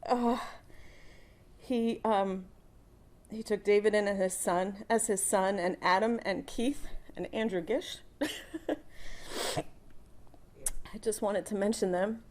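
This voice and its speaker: A woman's voice: medium pitch, steady tone, takes it slowly, pauses often, darkish tone. A middle-aged woman, a daughter, giving a eulogy at a funeral service, speaking fondly and often laughing between memories.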